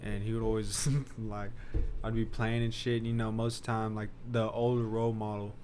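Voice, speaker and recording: A man's voice: lowish voice, monotone, fairly quick, darkish tone, a little hiss or hum. A young man hosting a podcast, telling loose, profane stories in casual chat and laughing often. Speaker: podcast host.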